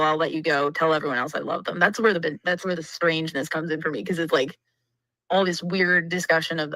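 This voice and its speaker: Female co-host, lowish pitch, bright tone, dry close sound; analytical livestream chat. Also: dry recording, poor audio. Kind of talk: livestream discussion.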